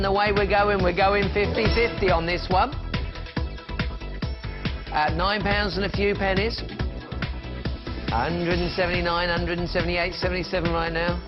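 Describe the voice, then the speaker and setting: A man presenting a live shopping channel, chatting and counting down prices. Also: sits high. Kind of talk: live TV sales pitch. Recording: dull lo-fi broadcast sound with music behind.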